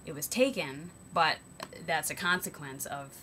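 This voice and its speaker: A woman's voice: deep voice, unhurried, pushed and bright, slight background noise. A young American woman talking reflectively to her camera, hesitant and thoughtful, with frequent ums and self-corrections. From United States. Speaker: vlogger. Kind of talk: reflective personal vlog monologue.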